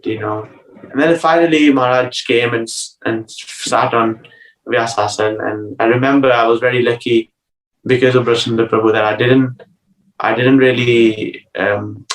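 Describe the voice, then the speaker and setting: A man telling a personal spiritual story as an interview guest, earnest and hesitant, with many pauses and restarts. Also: mid-range voice, steady tone. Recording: roomy sound from a distant mic.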